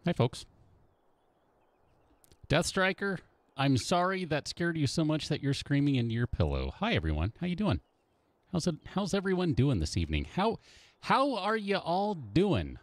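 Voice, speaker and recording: A playful male streamer who greets his viewers by name and chats away between game moments. His pitch swings up and down freely, and the sound is close and dry with no room echo. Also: sing-song, normal speed, long pauses. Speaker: live streamer. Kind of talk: casual live-stream chat.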